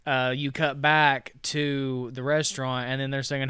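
A man co-hosting a movie podcast retells a plot in a loose, chatty way, full of "like" and "you know." His voice is bright and clear. It sits close and dry on the mic. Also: mid-range voice, little pitch movement, dry recording. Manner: retells scenes with quick quoted voices, many fillers. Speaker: podcast co-host. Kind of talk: casual movie recap.

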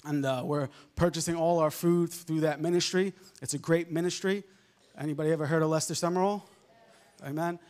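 A male preacher with a softened New York accent, delivering a fervent sermon full of amens and hallelujahs. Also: on the high side, fairly even intonation, fairly quick. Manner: fervent, peppered with amens and laughs.

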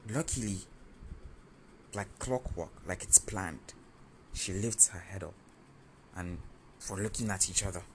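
A man with a low voice recounts a personal story in the first person. He talks in an animated, confessional way and pokes fun at himself. Room ambience sits clearly behind him. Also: a little slow, long pauses, a little hiss or hum. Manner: animated, confessional, self-mocking.

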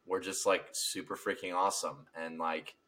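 A young man co-hosting a podcast rambles through stories in a casual chat, laughing often. His voice is deep, pushed and bright, with fairly even intonation and a moderate pace.

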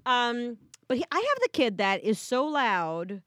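Animated storytelling woman in her thirties. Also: sits high, unhurried, noisy background. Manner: animated, acts out quotes, self-deprecating. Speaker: guest, mother. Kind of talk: casual comedic storytelling.

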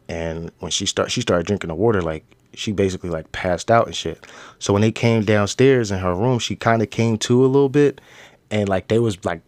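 A man's voice: lowish voice, no room sound. A man hosting a casual podcast, retelling a show's plot in loose slang with lots of swearing and acting out the characters' lines. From United States. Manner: animated storytelling with slang and profanity, acting out characters. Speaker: podcast host. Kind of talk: casual show recap.

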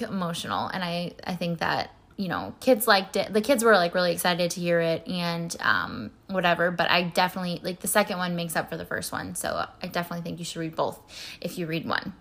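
A woman's voice: lowish voice, a bit bright. A woman chatting casually in a book review vlog, rambling with lots of "like" and "um" fillers. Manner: chatty and candid, light laughs. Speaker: book vlogger.

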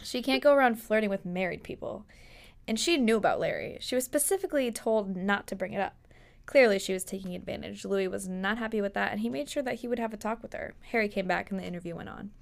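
Young woman, podcast host; casual, playful reading of fanfic lines, mid-pitched. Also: quick pace, gravelly. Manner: reads aloud with playful put-on quote voices.

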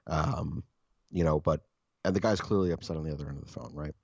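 A man's voice: rumbling low, fast, vocal fry, a little mellow, breathy edge, no room sound, muffled recording. A man casually telling a long anecdote, swearing freely and restarting his sentences often. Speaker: storyteller.

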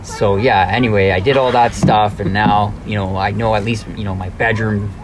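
A man's voice: on the low side, steady tone, moderate pace. A man rambling about a spooky experience in casual chat, with lots of fillers. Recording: noisy background.

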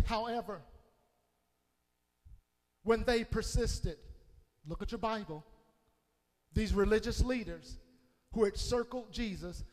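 High-voiced preacher man, slow and booming. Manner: preaching with calls to the congregation; swings from shouted peaks to hushed low passages. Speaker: pastor. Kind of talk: sermon. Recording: long hall reverb.

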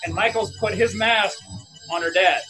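A man on a podcast pitching a film scene, acting it out with shouted lines and sound effects. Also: normal speed, music in the background. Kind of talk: animated story pitch.

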